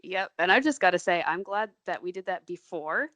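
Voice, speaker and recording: A woman's voice: on the low side, expressive, fairly quick, a bit bright, dry recording. A woman co-hosting a fan podcast, chatting casually and laughing often. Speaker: podcast co-host.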